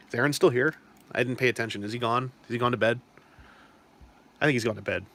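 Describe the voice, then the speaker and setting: A man's voice: medium pitch, fast, gravelly, long pauses, fairly bright tone. A man hosting a casual live stream, chatting in a rambling way while answering viewer questions. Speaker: stream host. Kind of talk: casual live-stream chat about toys and trading cards.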